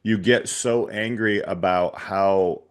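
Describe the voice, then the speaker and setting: A man's voice: on the low side, steady tone, takes it slowly, smooth. A man hosting an interview, reflective and candid, with hesitant restarts. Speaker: podcast host. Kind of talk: conversational interview.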